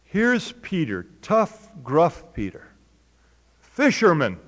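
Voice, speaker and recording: Guy preaching on a book of the bible, slightly high voice, big echoey hall. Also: wildly swooping pitch, slow pace. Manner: conversational, asks the audience questions. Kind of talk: Bible teaching.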